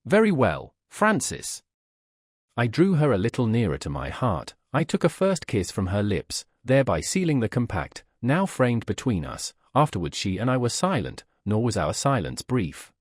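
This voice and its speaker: A man narrating a classic novel in the first person, reading in a measured, expressive way. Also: mid-range voice, breathy edge, dry recording, clean studio sound. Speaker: audiobook narrator.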